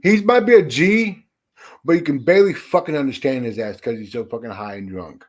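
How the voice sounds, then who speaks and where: A man hosts a casual livestream chat in a mid-range voice at a fairly quick pace. He greets the viewers and speaks bluntly, swearing heavily and restarting his sentences often.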